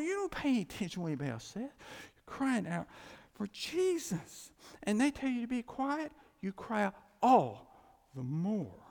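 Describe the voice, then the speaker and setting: A man preaching a sermon as pastor, animated, swinging from loud cries to quiet asides. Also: high-pitched, creaky. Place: church. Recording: long hall reverb.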